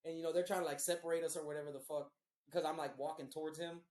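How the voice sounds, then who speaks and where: A man's voice: fairly high pitch, steady tone, rapid-fire, darkish tone. A man hosting a podcast, telling a long story in a casual, rambling and profane way. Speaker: podcast host. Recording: roomy echo.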